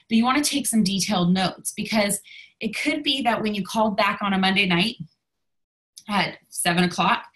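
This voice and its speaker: A woman's voice: medium pitch, a bit bright, low-quality recording. A woman coaching her sales team in a casual video, a little out of breath and talking with many ums and restarts.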